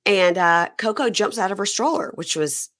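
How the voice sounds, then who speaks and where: A woman's voice: medium pitch, lively intonation, moderate pace, fairly bright tone. A woman hosting a podcast in casual chat, recapping a show with dry, wry asides. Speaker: podcast host.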